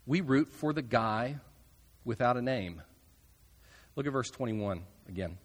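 A man preaching a sermon, earnest with casual asides, trailing off softly at the ends of phrases. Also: medium pitch, animated, unhurried, long reverb tail. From United States. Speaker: pastor.

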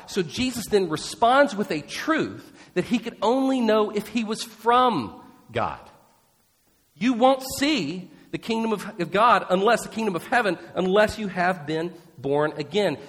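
A male pastor preaching a sermon, emphatic and expressive, posing rhetorical questions to his congregation. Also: high voice, moderate pace, in a large hall.

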